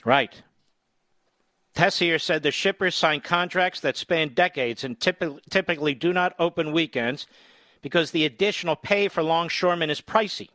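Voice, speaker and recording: A middle-aged man hosting a talk radio show, reading articles aloud with sarcastic commentary and squeaky mocking impressions. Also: normal speed, sharp tone, no echo. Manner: mocks people with high, squeaky put-on voices.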